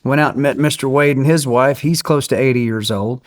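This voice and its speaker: A man's voice: mid-range voice, fairly quick. A man, a guest in an interview, telling a story with energy and acting out other people's voices. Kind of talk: animated storytelling.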